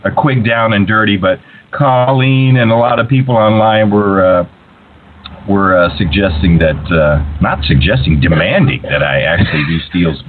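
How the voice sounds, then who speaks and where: A man's voice: lowish voice, normal speed, a little hiss or hum. A man calling in to a live stream, a voice actor who talks playfully and laughs often. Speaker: voice actor caller. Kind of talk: call-in chat on a live stream. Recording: tinny phone line.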